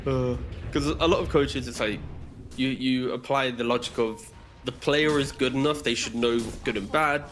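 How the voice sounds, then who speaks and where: A man who is a former coach, giving relaxed color commentary in an easygoing, chatty way and laughing along. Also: medium pitch, normal speed, a little hiss or hum. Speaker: esports co-caster, former coach.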